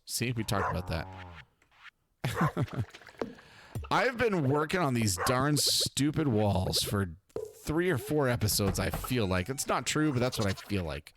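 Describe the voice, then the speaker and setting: A man's voice: mid-range voice, big pitch swings, a little slow, pauses often, background noise. A man hosting a casual let's play, chatting in a rambling, talkative way and laughing often. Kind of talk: casual gameplay commentary.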